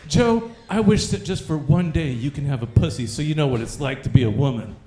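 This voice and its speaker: A man's voice: fairly high pitch, brisk, reverberant, noisy background, voice pushed down, natural voice. A man putting on the voice of his blunt, foul-mouthed girlfriend in a comedy bit. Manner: blunt, profane. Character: blunt crude girlfriend, adult woman.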